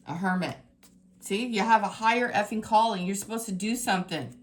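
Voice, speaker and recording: A woman's voice: medium pitch, moderate pace, slight background noise. Emphatic, exasperated woman tarot reader. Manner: emphatic, exasperated, swings between scolding and excited. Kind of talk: tarot reading to viewers.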